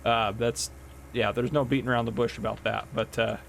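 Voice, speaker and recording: A man's voice: medium pitch, level tone, fairly quick, vocal fry, a little hiss or hum. A man casually commentating a farming game and telling police stories, chatty and laughing often. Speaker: gameplay host and police officer.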